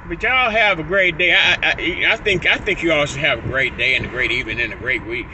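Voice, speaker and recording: This Illinois vlogger speaks briskly in a slightly high voice, chatting to his phone camera as he drives. The casual monologue rambles, restarts with stutters, and breaks into laughing asides, all over background noise.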